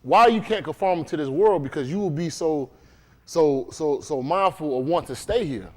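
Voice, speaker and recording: A man's voice: fairly high pitch, moderate pace. A man from preaching a sermon to a congregation in a loose, conversational way, often checking in with questions. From Dade County, Florida. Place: congregation room.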